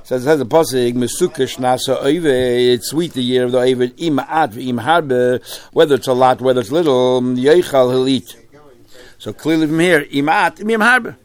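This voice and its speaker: A man teaching a Talmud class, weaving Hebrew terms into his English with halting restarts. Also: mid-range voice.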